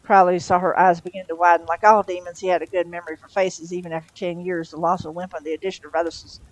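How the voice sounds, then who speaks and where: A woman's voice: fairly low pitch, quick pace, no room sound, poor audio. Woman reading a novel aloud. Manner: steady storytelling narration. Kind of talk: live read-aloud narration.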